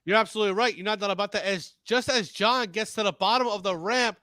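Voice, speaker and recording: Male wrestling commentator, very high voice, bright and dry, excited rambling play-by-play. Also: quick pace, hardly any pauses, no room sound. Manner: rambling, animated, stumbles over words.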